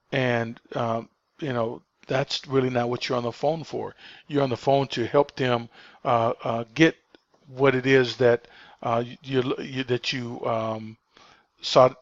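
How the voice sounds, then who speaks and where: A man walks trainees through a sales call, stressing his points and circling back to repeat them. His voice sits at a middling pitch. The recording sounds dull and lo-fi, with a dry, close feel. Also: dry recording. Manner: emphatic, repeats key points, many fillers. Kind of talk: spoken training walkthrough.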